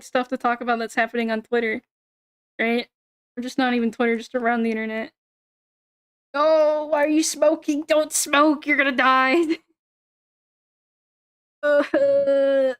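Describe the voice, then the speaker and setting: High-voiced young woman rambling on stream. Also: smooth. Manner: rambling, swearing, giggly. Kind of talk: casual chat stream.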